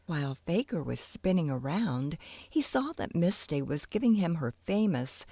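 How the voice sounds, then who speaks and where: Slow, lively woman narrating a children's story. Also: sits low, slightly rough, dry recording. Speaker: audiobook narrator.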